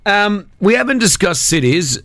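A middle-aged man hosting a breakfast radio show, teasing his co-hosts in lively banter. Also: high voice, moderate pace.

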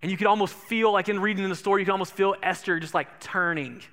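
A man preaching in a casual, animated storytelling style, acting out the characters. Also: sits high, quick pace. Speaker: pastor. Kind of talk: sermon storytelling.

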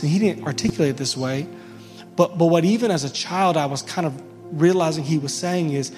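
Earnest male pastor, thirties, mid-high voice; live church hall reverb, faint music bed. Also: moderate pace, a little mellow. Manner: earnest, emphatic, with frequent restarts. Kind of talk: sermon.

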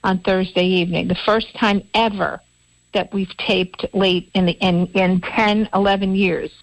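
A woman's voice: medium pitch, fairly even intonation, measured pace, no echo. A woman co-hosting a local radio talk show, telling a rambling story with many restarts. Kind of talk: casual radio chat. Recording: dry, dull-sounding radio studio audio.

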